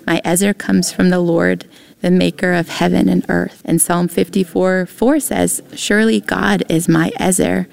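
A woman with a low, heavily gravelly voice teaches a devotional Bible lesson. She speaks gently and reassuringly, working scripture quotes into her talk.

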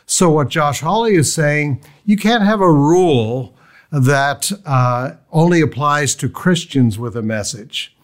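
Slightly high-voiced man discussing news. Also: lively intonation, measured pace. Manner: hesitant, lots of uh fillers. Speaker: radio co-host. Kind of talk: news commentary on talk radio.

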